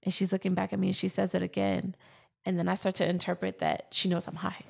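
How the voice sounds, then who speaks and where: A woman's voice: medium pitch, monotone, fast talker, vocal fry. A woman in her twenties telling a personal story in casual chat, with lots of fillers.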